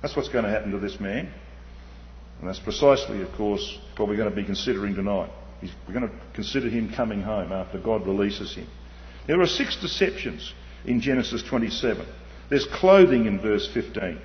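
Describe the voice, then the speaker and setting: A man preaching an animated sermon, swinging between loud emphasis and quiet asides. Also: fairly low pitch, a little fast, slight background noise. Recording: dull, muffled hall with long reverb.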